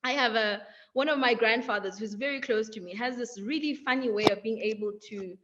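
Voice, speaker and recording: High-voiced woman speaking slowly. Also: fairly bright tone, muffled recording. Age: young adult. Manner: measured, drawn-out phrasing, frequent "like" and "right?". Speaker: webinar speaker. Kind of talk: reflective motivational talk.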